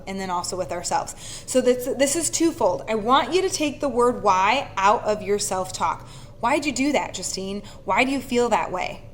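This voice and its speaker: A woman giving an earnest, casual coaching talk to camera, speaking in an animated way that breaks into quick laughs now and then. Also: medium pitch, a little hiss or hum. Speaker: speaker and leadership facilitator.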